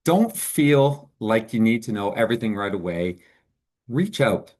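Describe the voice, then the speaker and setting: A man's voice: on the low side, big pitch swings, measured pace, darkish tone. A man presenting as a financial advisor in a webinar, explaining options in an earnest, upbeat way.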